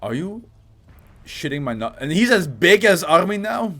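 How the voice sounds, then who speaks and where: A man reacting out loud to an anime episode, laughing, swearing and talking back to the screen. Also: high-pitched, sing-song, moderate pace. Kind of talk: casual reaction commentary.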